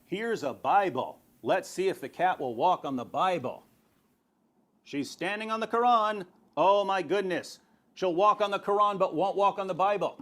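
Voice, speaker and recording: High-voiced man, sarcastic and mock-amazed. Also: normal speed, fairly bright tone. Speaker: video creator in a played clip. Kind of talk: sarcastic video monologue.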